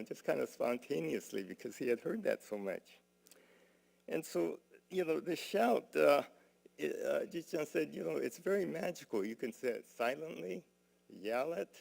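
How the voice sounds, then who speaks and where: Gravelly-voiced guy telling a gentle temple story, lots of uh and you know. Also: medium pitch. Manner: folksy, many "uh" and "you know", soft-spoken. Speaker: minister giving a Dharma talk. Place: temple hall.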